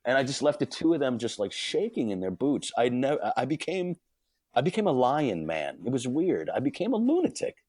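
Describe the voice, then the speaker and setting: A man's voice: mid-range voice, very animated, brisk, darkish tone, husky, dry recording. A man, a podcast guest, telling a comic story with big energy, often laughing mid-sentence and acting out the quotes.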